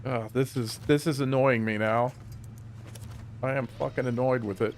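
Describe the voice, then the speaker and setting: A man's voice: medium pitch, steady tone, moderate pace, slight background noise. A man streaming a truck driving game, chatting casually and grumbling profanely to himself. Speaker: gaming streamer.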